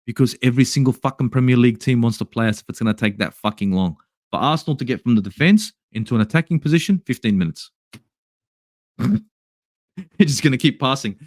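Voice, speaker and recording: A man's voice: mid-range voice, expressive, quick pace, darkish tone, no room sound, clean studio sound. An Australian man hosting a football channel, angrily ranting through a match review with plenty of swearing. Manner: angry, swearing, exasperated ranting. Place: home in Sydney at night.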